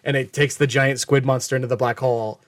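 A man talking as a podcast guest, excitable and full of "like" fillers. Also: mid-range voice, fast. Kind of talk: casual chat.

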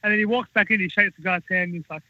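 A man with a high, husky voice tells a rambling, profane wrestling anecdote in casual podcast chat. His speech is heard on dull lo-fi podcast audio with a dry, close sound. He piles up restarts and asides as he builds the story. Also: very fast, no room sound. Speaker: wrestling talent recounting backstage stories.

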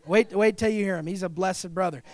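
A pastor preaching a fervent sermon to his congregation, building up to shouts. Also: high voice, a little fast, no echo.

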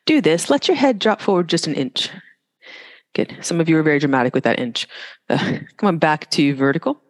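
A yoga teacher giving live cues in a studio with a long reverb tail. The speech is casual and joking between breath and pose counts, at a mid pitch. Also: lively intonation, brisk. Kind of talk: live class instruction.

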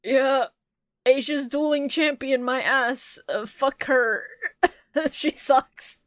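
A woman co-hosting a comedy podcast, talking in loud, profane, quick outbursts with lots of laughter. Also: high voice, no room sound, studio quality. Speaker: podcast co-host. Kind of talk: crude comedic banter.

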